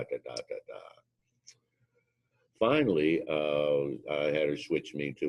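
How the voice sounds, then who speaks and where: A man's voice: rumbling low, moderate pace, a little mellow. A man, a former drill instructor, giving an anecdotal motivational talk, telling emphatic stories and acting out what people said. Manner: emphatic storyteller, acts out quotes.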